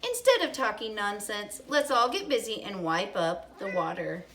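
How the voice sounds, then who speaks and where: A woman voicing a brisk, coaxing mother in a storybook reading. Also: medium pitch, expressive, fairly bright tone, slight background noise. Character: brisk, cheerful mother of a big family.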